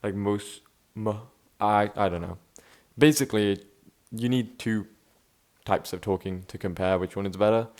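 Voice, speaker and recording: This is a young man in an unscripted vlog, speaking in a relaxed, self-reflective way. His voice sits a little low. He talks loosely and restarts his sentences often. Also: moderate pace, long pauses. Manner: laid-back, self-reflective, says bro and man a lot, frequent restarts. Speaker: vlogger. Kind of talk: unscripted casual monologue.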